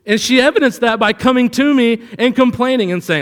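A man with a high voice preaches in a relaxed, storytelling way, leaning hard on key words. His voice rings out with a long hall reverb. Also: moderate pace, smooth. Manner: conversational preaching with anecdotes, rising for emphasis. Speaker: pastor. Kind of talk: sermon.

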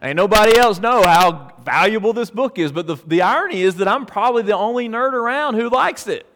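Animated preacher in a reverberant hall. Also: male voice, high-pitched, brisk. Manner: animated, swinging from loud emphasis to hushed near-whisper; conversational and storytelling, with restarts. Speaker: pastor. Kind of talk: sermon.

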